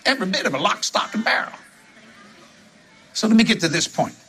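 A man from New preaching a sermon full of stories, animated and laughing as he talks, jumping to high exclamations. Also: brisk, breathy edge. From New Orleans.

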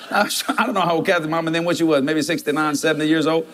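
A man's voice: a little high, racing, few pauses, fairly bright tone. A man, preaching a storytelling sermon and jumping into quoted voices with laughter.

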